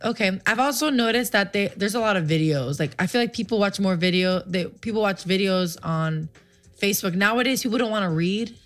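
A woman's voice: mid-range voice, brisk, soft background music. A woman in her twenties hosting a casual live-streamed talk show, goofy and teasing, often joking that she is kidding. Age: 20s. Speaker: show host.

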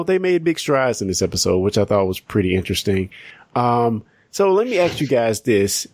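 A man hosting a podcast in casual chat, animated and chatty with many restarts and fillers. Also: fairly low pitch, no echo. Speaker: podcast host.

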